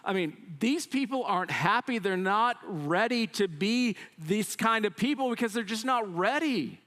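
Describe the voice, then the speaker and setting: A man's voice: high voice, a little fast, few pauses. A man preaching a sermon as pastor, telling the story conversationally with frequent asides and acting out the voices of the people he describes. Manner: animated storytelling, acts out quoted complaints. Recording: long hall reverb.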